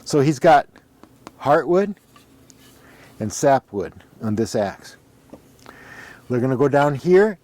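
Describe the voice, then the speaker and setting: A man's voice: medium pitch, sing-song, slow pace, pauses often, darkish tone. A middle-aged man talking casually as he examines an ax handle, rambling and thinking aloud as he counts and points things out. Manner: rambling, talks to himself while counting and examining. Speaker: ax handle reviewer. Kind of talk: casual workshop show-and-tell.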